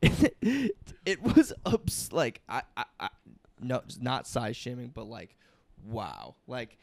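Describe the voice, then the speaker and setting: Animated young man telling a story. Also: mid-range voice, takes it slowly, creaky, no echo. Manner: animated storytelling, swearing, lots of "like" fillers. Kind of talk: casual chat.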